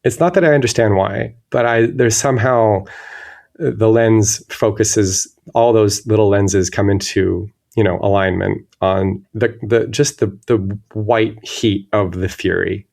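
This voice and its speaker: Male interview guest: low and gravelly, thinks aloud, circles back mid-sentence. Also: fairly even intonation, a little slow, a little mellow. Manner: thoughtful, searching, many restarts. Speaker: guest illustrator. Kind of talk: reflective interview talk.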